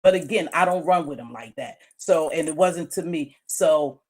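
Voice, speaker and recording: A woman's voice: low voice, normal speed. A woman giving a casual commentary monologue, chatty and musing, repeating her points and chewing gum as she talks. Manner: chewing gum while talking. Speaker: YouTube commentator.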